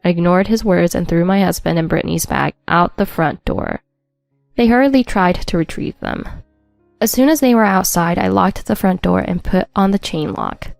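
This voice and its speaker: A woman's voice: lowish voice, expressive, normal speed, vocal fry, darkish tone, no echo. Brief: woman narrator, scripted first-person story, wry and matter-of-fact, faint music underneath.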